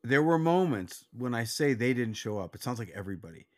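A man co-hosting a casual sports podcast, speaking earnestly and reflectively, sometimes dropping to a quiet voice. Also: mid-range voice, big pitch swings, fairly quick. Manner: earnest, reflective, drops to a soft, quiet voice when doubtful. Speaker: podcast co-host.

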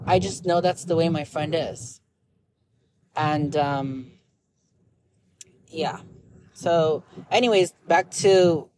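A young woman talks frankly in her personal vlog, her low, slightly mellow voice rambling through filler words in a blunt, emotional, confessional manner. There's a bit of background noise.

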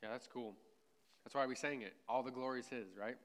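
A man's voice: medium pitch, brisk, fairly bright tone, a little hiss or hum. A man preaching a conversational sermon, with joking asides and a self-deprecating tone. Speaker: pastor.

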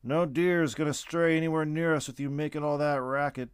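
A man voicing a gruff, stern father who barks and scolds in a storybook reading. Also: a little high, fairly even intonation, fairly quick, voice pushed up, natural voice. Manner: barking, scolding.

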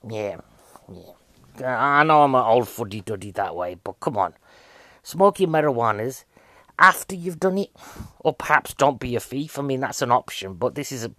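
A man's voice: mid-range voice, fairly bright tone, no room sound. A man giving a casual, jokey, rambling film review, a bit out of breath.

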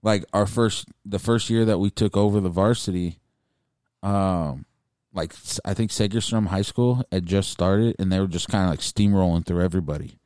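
Deep, mellow-voiced man, casual rambling. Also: moderate pace, smooth, no room sound, studio quality. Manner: rambling, swears freely, many restarts. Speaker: podcast co-host. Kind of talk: casual chat.

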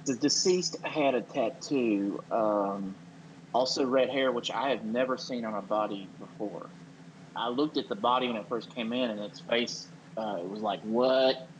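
A man playing a self-important small-town doctor who talks in a deadpan, halting way and blurts out acted-out quotes. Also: mid-range voice, muffled recording, slight background noise, natural voice. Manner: deadpan, halting, acts out quotes with sudden loud "What?". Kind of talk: improvised comedy character.

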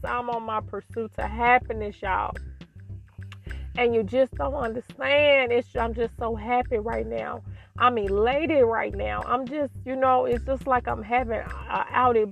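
Crying woman thanking god over and over, slow gravelly voice, soft music behind. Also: on the high side, highs cut off. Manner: fervent, repetitive, praising God. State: crying happy tears. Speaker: podcast host. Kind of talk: emotional personal testimony.

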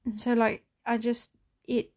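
A woman's voice: fairly high pitch, flat delivery, measured pace, a little mellow. Young woman rambling through a candid podcast. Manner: rambling, many "like" fillers and swearing; emotional, voice near tears at times. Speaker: podcast host. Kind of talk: candid solo podcast monologue.

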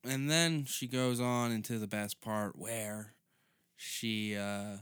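A young man delivers a rambling, foul-mouthed comedy rant with a bright, forceful edge. His voice is smooth and crisp. The sound is dry and close. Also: fairly low pitch, fairly even intonation, slow, no room sound. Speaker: podcast host. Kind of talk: comedic monologue.

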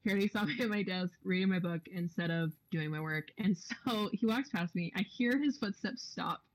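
Lively young woman telling a funny story. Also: fairly low pitch, moderate pace, low-quality recording. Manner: animated, laughing, acts out quotes. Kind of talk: casual storytelling chat.

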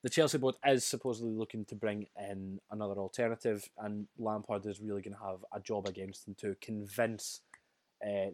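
Guy with a lowish voice chatting football, lots of restarts, dry close sound. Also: darkish tone, no room sound. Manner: chatty, laughs often, many restarts. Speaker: podcast co-host. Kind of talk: casual football chat.

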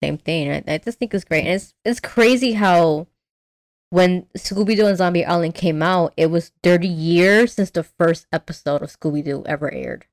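A young female podcast co-host with a slightly low voice speaks at normal speed in loose, casual chat. She rambles, using lots of fillers and restarting sentences as she goes.

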